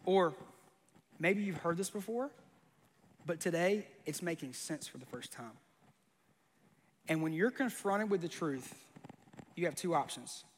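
A man's voice: fairly high pitch, in a large hall. A man preaching a sermon, conversational and joking, with bursts of emphasis. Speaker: pastor.

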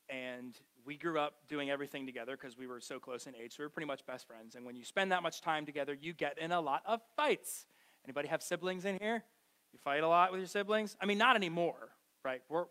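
Middle-aged guy preaching, chatty and self-mocking, voice sits a bit high, tells stories to the church crowd. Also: a bit bright. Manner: conversational, self-mocking storytelling with acted-out quotes. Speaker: pastor. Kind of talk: sermon. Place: church hall with a live congregation.

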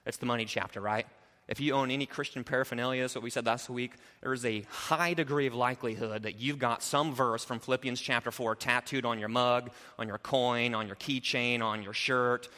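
A man's voice: medium pitch, sharp tone. Man preaching in an echoey hall. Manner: preaching with rising emphasis and quick asides. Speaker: pastor. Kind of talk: sermon. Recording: long reverb of a large hall.

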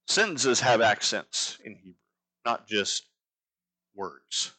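A man's voice: lowish voice, very animated, slow pace, sharp tone, low-quality recording. A man teaching a sermon, earnest, building his points by repeating phrases. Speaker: pastor.

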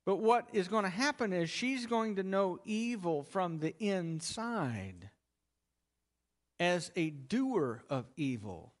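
A man's voice: sits high, very animated, takes it slowly. A man teaching a sermon on a Bible passage, asking the listeners questions and then answering them himself, stressing key words as he goes. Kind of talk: expository sermon.

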